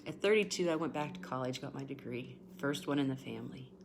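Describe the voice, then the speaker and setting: A woman's voice: rumbling low, fast, creaky, noisy background. A woman in her forties giving an emotional, repetitive tarot reading on a livestream, greeting viewers by name as she talks. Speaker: tarot reader.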